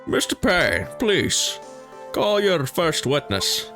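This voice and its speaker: A man voicing an elderly male judge in a game playthrough, speaking in slow, formal courtroom phrasing. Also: a little high, sing-song, pushed and bright, soft background music, heavily acted.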